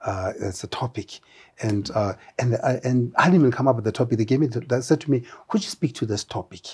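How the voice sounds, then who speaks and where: A man answers interview questions in a husky voice of middle pitch. He talks in an animated, thoughtful way, often stopping and restarting with small hesitations. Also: fast. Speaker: interview guest, brand founder. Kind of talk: conversational interview.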